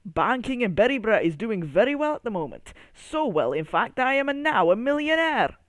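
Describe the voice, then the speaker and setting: The reader puts on a wealthy banker berry with a warm Scottish lilt for a children's storybook broadcast. He sounds bright and pleased with himself, his voice bouncing high and animated, recorded close and dry. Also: brisk, no room sound, close to an everyday voice. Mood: cheerful.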